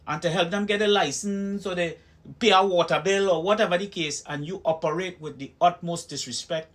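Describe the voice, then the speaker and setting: A man's voice: high-pitched, fairly bright tone. A man with a Trinidadian accent telling personal stories in an opinion vlog, speaking emphatically and acting out heated exchanges. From Trinidad and Tobago. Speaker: video commentator.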